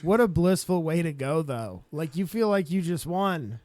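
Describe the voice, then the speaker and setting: A man's voice: fairly high pitch, lively intonation, moderate pace, a little mellow. A man in casual chat, reacting to a story with short replies and laughs.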